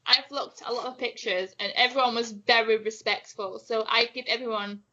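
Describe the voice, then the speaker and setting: Bright-voiced, matter-of-fact woman. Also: a little high, steady tone, a little fast, lo-fi sound, slight background noise. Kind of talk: casual group chat.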